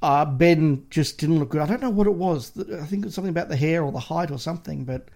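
A man's voice: on the high side, fast talker, darkish tone. A man co-hosting a podcast, reviewing in casual chat with a passionate, opinionated ranting manner. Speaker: podcast co-host.

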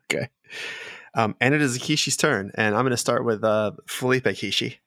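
A man narrating as game master of a tabletop game, halting and full of fillers, often laughing. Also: medium pitch, fairly bright tone, no echo, studio quality.

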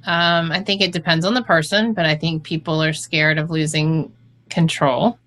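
Female interviewer, deep yet bright tone, reflective and hesitant. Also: fairly even intonation, normal speed. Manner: thoughtful, hesitant with fillers. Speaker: host. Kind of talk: casual chat.

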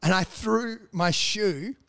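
High-voiced man telling stories. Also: slow, creaky, clean tone, no room sound, studio quality. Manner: animated anecdotal storyteller, swears freely. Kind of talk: casual podcast chat.

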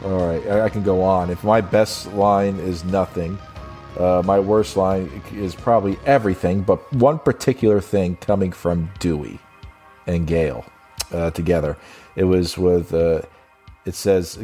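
A podcast co-host with a low, unhurried, mellow voice joins a casual film review chat, blunt and mocking and swearing freely. Faint synth music plays behind him.

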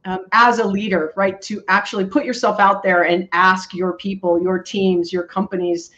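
A woman's voice: mid-range voice, little pitch movement, moderate pace, fairly bright tone, dull audio. A woman hosting a live video interview, speaking in an affirming, conversational way.

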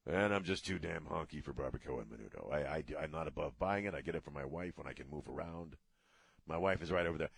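A man's voice: rumbling low, fast talker, creaky, husky, dry recording. A middle-aged man hosting a radio talk show, ranting bluntly in a casual way and cursing freely.

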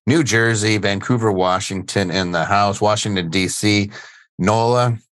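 Speaking on the low side in a steady, fairly bright tone, this middle-aged podcast host talks at an unhurried pace, and there's no room sound. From his studio, he leads a casual live webinar chat full of rambling asides, jokes and easy laughter.

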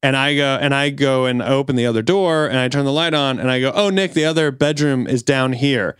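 Animated male podcast storyteller, dry sound. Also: mid-range voice, brisk, clear, resonant tone, dry recording. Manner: animated storyteller, acts out quotes. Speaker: podcast co-host. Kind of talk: casual storytelling chat.

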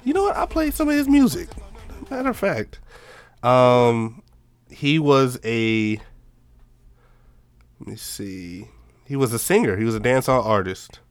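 A man co-hosting a casual podcast, slangy and excitable, sometimes breaking into shouts. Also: medium pitch, clean tone, no echo. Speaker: podcast co-host. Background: faint music playing.

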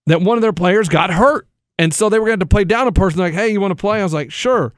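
A man telling animated stories in casual chat, swearing freely. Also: sits high, racing, no room sound, clean studio sound.

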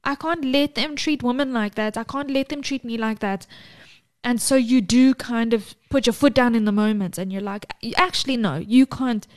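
A woman's voice: on the high side, moderate pace. A woman co-hosting a podcast, talking candidly and close to tears, frank and swearing. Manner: emotional, tearful, frank with swearing. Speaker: podcast co-host.

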